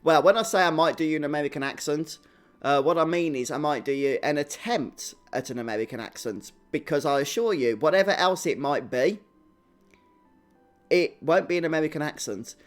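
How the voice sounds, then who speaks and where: A man's voice: on the high side, animated, fairly quick, soft background music. Brummie-accented man streaming a game. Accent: Birmingham (Brummie). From England. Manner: chatty, reads and answers chat viewers; self-deprecating, laughs often. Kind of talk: live stream game commentary.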